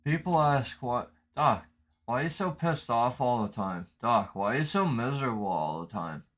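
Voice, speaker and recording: A young man on a live stream, venting in a frustrated rant packed with swearing. He sounds sick and worn down, his voice at an ordinary middle pitch as he keeps circling back to how angry he is. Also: expressive, moderate pace, fairly bright tone.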